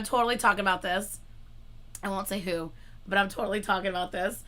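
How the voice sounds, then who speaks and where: A woman hosting a casual livestream, chatting excitedly and laughing loudly between lines. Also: mid-range voice, brisk. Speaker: livestream host.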